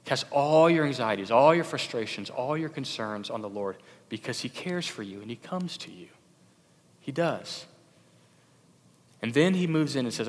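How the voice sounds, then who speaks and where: A man preaching a sermon in a conversational way, swinging from loud emphatic bursts to soft low asides. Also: in a large hall. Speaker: pastor.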